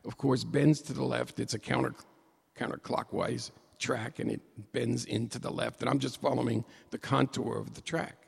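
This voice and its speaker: A middle-aged man telling a humorous personal story to an audience, animated and excitable, with jokey asides. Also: medium pitch, moderate pace, vocal fry, husky, in a large hall.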